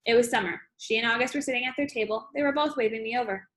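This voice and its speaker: A woman reads a novel aloud in a plain, steady way. Her voice sits a little high, and now and then she stumbles and restarts a phrase. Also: racing. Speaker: audiobook reader.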